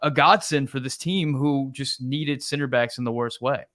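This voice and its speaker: A man's voice: medium pitch, moderate pace. Upbeat American male podcast host breaking down soccer tactics. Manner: energetic, reads viewer comments. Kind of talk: sports analysis chat.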